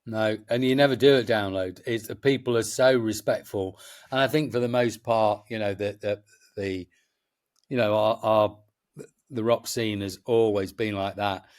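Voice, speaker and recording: A man's voice: lowish voice, fairly even intonation, normal speed. Rambling man telling stories. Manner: rambling storyteller with many restarts, passionate. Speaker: festival promoter, guest. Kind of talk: casual chat.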